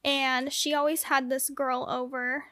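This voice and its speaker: A young woman telling a long personal story in casual chat, animated, saying "like" a lot and swearing freely. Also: high-pitched, unhurried, no echo, clean studio sound.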